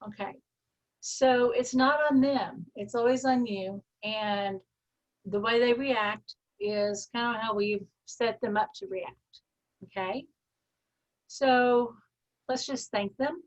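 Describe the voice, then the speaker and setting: A woman with a Texas twang hosting a coaching call, riffing free form with deadpan humor and frequent laughs. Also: mid-range voice, measured pace, lo-fi sound. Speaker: host, personal growth coach.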